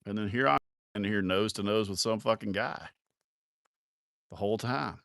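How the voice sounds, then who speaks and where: A man's voice: lowish voice, moderate pace, creaky, a bit bright, no echo, studio quality. A man telling rowdy, profane bar stories in a live stream, often laughing as he talks. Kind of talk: casual storytelling.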